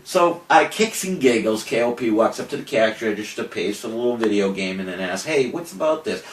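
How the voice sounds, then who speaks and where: A man's voice: lowish voice, brisk. An older man giving a farewell message, then telling a story in a boastful, profane, theatrical way. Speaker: cannabis activist giving a farewell video. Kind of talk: animated storytelling to an audience. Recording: roomy, distant mic, faint noise.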